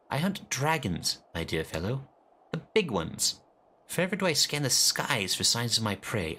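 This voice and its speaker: A man's voice: medium pitch, pushed and bright, voice pushed up. A man playing a pompous dragon hunter. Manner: grandiose, old-fashioned phrasing. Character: haughty male dragon hunter, aloof and pompous.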